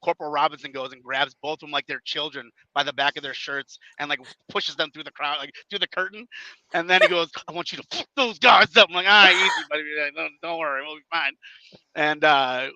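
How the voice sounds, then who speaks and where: A man in his thirties with a Chicago-area accent, a wrestler telling stories on a podcast in an animated way, acting out other people in loud bursts and swearing freely. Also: on the high side, a little fast, no room sound. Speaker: independent wrestler, podcast guest. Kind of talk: casual storytelling chat. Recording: dull lo-fi podcast audio.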